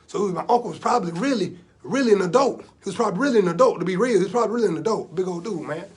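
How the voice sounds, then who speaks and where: Raspy, animated male storyteller. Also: sits high, very fast. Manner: animated, vernacular storytelling with repetition. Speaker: stand-up comedian. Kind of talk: live comedy storytelling.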